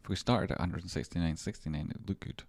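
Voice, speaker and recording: Scottish male host, low-pitched and dry-sounding, playful, self-talking, swears freely. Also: fast, a little mellow, no room sound. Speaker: market analysis host. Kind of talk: casual rambling market commentary.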